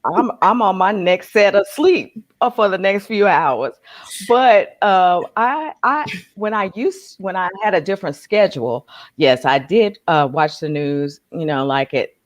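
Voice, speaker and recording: Low-pitched woman co-host, lively relaxed delivery, rambling chat. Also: unhurried. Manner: relaxed, rambling, many fillers and restarts. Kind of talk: casual chat.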